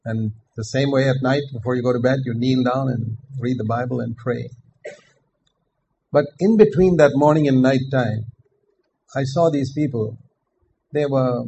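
An older man preaching a sermon in an earnest, measured way, repeating his key phrases for emphasis. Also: mid-range voice, vocal fry, dark tone, highs cut off, slight background noise.

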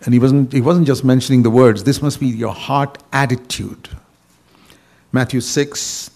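A man's voice: mid-range voice, a little mellow. An older man preaching a sermon in a conversational way, with bursts of emphasis.

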